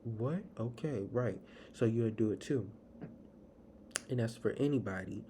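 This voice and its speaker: A man's voice: medium pitch, unhurried, mellow. Rambling young man on a noisy stream. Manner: rambling, casual, fillers and restarts. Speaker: podcast host. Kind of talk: solo podcast monologue. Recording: noisy live stream audio.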